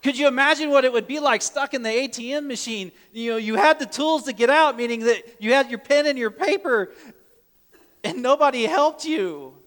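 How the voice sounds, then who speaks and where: A man preaching a sermon earnestly, swinging between loud urgent lines and hushed soft ones, often repeating words as he restarts. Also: very high voice, normal speed, big-room sound. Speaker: pastor.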